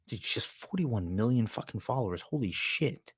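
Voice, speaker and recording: A man's voice: medium pitch, lively intonation, normal speed, few pauses, husky, no echo, clean studio sound. A young man hosting a livestream, talking in a crude, rambling, profanity-heavy slang as he reads and answers chat. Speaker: livestream host.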